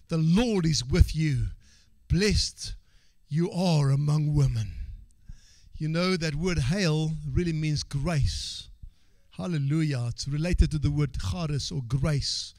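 Male pastor, high voice, sermon delivery that swings between soft asides and shouted call-and-response, dry close sound. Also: takes it slowly, no room sound. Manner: repeats phrases and calls for amens.

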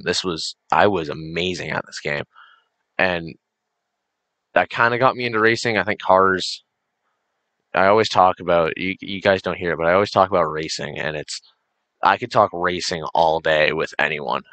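A late-teen gaming channel host with a low-pitched voice, pushed and bright, rambles enthusiastically while commentating a racing game he's playing. His casual let's-play talk is full of restarts and fillers, recorded dry.

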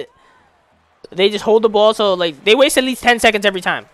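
Bright-voiced young man giving game tips. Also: sits high, fast, clear, resonant tone, dry recording. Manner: excited, slangy, talks to the game as he plays. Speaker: gaming YouTuber. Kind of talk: casual gameplay commentary.

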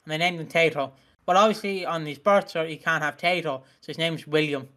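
A man's voice: on the high side, brisk, bright, forceful tone. A man co-hosting a podcast, telling rambling stories in casual chat with filler words. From Britain. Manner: rambling, giggly storyteller. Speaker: podcast co-host.

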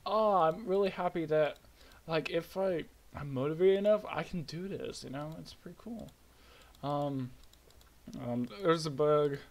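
An excitable young man with a slightly high voice, talking his way through his own game project. He rambles and jumps into gleeful squeals now and then, but his delivery stays slow and unhurried between them. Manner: excitable, rambling, bursts of high-pitched glee. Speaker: hobby game developer. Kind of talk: casual screen-recorded devlog.

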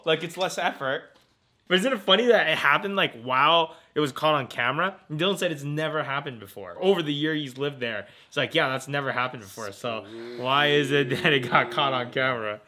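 A man with a bright, sharp voice chats through a casual home vlog. His pitch sits a little high and swings a lot as he talks, and he breaks into laughter often. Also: animated, a little fast, few pauses. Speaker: vlogger.

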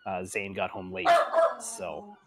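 Relaxed male game master from Canada who laughs a lot. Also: on the low side, takes it slowly, vocal fry, very noisy. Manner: laughs often, loose. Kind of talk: narrating a tabletop game.

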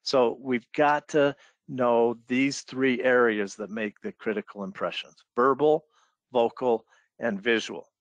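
A man moderates a business webinar at an unhurried pace, summing up points and passing questions to the panelists. His measured delivery comes through dry and close over a video call. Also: mid-range voice, steady tone, dry recording, highs cut off.

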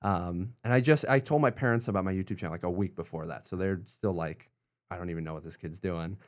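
A young man telling a story as a podcast guest, animated, with many fillers and quotes acted out in a much higher voice. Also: quick pace. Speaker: guest, YouTuber. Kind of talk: casual storytelling interview.

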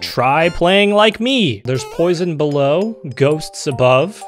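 A young man giving comedic let's-play commentary, joking and breaking into sudden loud outbursts. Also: a little high, animated, slow. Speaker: gaming YouTuber. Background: game music.

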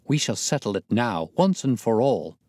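A man's voice: medium pitch, sing-song, moderate pace, darkish tone, dry recording, clean studio sound, lightly acted. A man voicing an agitated Victorian husband in an audiobook reading, urgent and raised.

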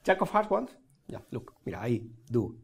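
A man's voice: mid-range voice, wildly swooping pitch, moderate pace, gravelly, husky. A Spanish man with a Spanish accent and broken English, performing a playful live magic show with audience laughter and banter. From Spain.

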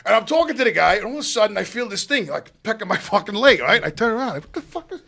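Loud gravelly man ranting a story. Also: high voice, racing. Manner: loud, profane, animated, often shouting. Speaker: show regular telling a story. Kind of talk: casual storytelling chat.

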